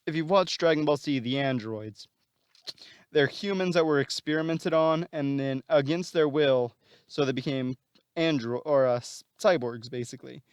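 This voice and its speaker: A man casually telling a story plot in a rambling way, full of fillers and restarts. His voice sits a bit high, and the recording is dry and close with no room sound. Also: normal speed, smooth, no echo.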